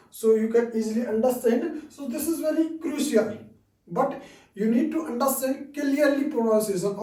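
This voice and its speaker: Man teaching, halting, distant and roomy. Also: very high-pitched, dark tone. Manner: halting, frequent restarts and "okay" fillers. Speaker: English teacher. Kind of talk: reading through lesson slides. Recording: roomy echo, distant mic.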